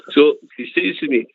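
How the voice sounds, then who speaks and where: A man's voice: a little high, vocal fry, slight background noise. An older man with a Glasgow accent, calling in to tell a rambling story with laughs. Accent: Scottish, Glasgow. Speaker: caller. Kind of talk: phone-in storytelling. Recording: tinny phone line, dry.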